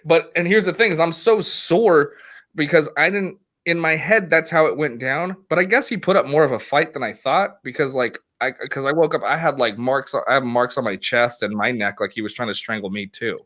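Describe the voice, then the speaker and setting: A man's voice: fairly high pitch, moderate pace, a bit bright. A man hosting a podcast, telling a story in casual chat, rambling and swearing with frequent laughs. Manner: rambling, profane, laughs often. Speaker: podcast host.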